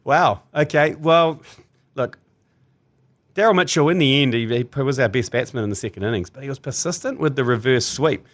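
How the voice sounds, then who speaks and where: Jokey New Zealand sports podcast host. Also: male voice, medium pitch, moderate pace. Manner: animated, laughing, jokey storytelling. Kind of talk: casual sports podcast chat.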